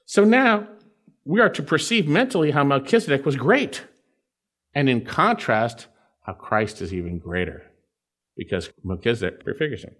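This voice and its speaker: A man's voice: mid-range voice, animated, moderate pace, a bit bright. A man preaching an expository sermon, teaching verse by verse and checking in with his listeners. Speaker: pastor.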